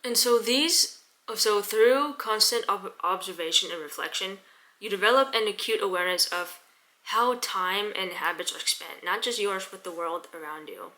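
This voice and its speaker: A young woman telling a story in a casual vlog, chatty, with quick restarts and repeated words. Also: medium pitch, pushed and bright. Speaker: vlogger.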